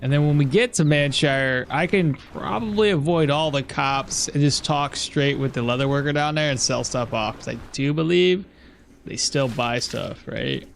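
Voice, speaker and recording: A man's voice: on the high side, moderate pace, creaky, a little hiss or hum. A man giving casual gameplay commentary, thinking aloud as he plays and laughing at chat messages. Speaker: gameplay streamer.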